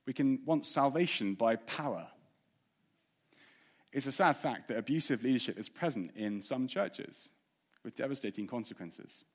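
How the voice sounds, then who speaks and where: Male preacher, mid-pitched voice, earnest and questioning, direct with the congregation. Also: animated, moderate pace. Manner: earnest, with rhetorical questions and audience asides. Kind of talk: sermon.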